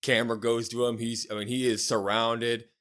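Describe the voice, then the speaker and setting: A man co-hosting a casual podcast, retelling events in an animated play-by-play way with loose slang. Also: mid-range voice, normal speed. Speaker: podcast co-host. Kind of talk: casual chat recapping a wrestling show.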